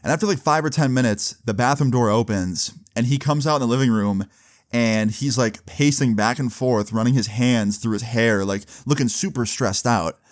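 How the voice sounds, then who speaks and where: Young man telling a wild story. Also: medium pitch. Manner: animated, slangy, fast retelling with lots of "like" and "dude". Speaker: vlogger. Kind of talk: casual storytelling.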